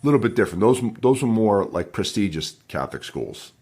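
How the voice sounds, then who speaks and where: A middle-aged man with a Boston accent hosts the conversation in a friendly, easygoing way. His voice sits low for a man. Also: big pitch swings, fairly quick, darkish tone, husky. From Somerville, Massachusetts, USA. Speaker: podcast host. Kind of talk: casual podcast interview.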